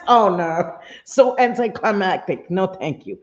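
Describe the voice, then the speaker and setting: Unhurried and lively in intonation, this mid-range female voice belongs to a middle-aged livestream host chatting casually with people at home. She's talkative, swears, laughs frequently, and reads the chat aloud, all heard through roomy, dull lo-fi stream audio.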